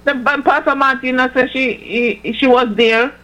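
High-voiced Jamaican woman, teasing. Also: fairly even intonation, normal speed, a bit bright, rough recording. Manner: teasing, insistent, mixes patois into speech. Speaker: church member. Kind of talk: casual chat between friends.

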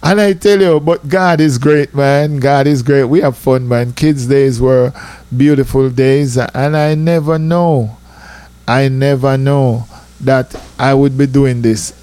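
A middle-aged man with a Jamaican accent, telling stories in a lively, chatty way as a radio host. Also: mid-range voice, slow pace, clear, resonant tone, no echo. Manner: lively, chatty, full of asides like "I tell you, man". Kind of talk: casual storytelling on radio.

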